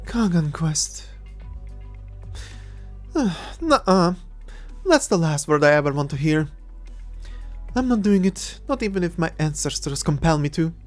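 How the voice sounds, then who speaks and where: A cocky young adventurer-thief, voiced by a woman with a lowish voice that swings widely as she teases and mocks. Her playful, mocking delivery fits a fan-made audio drama, with faint music underneath. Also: very animated, moderate pace. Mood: teasing. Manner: playful, mocking, laughs often.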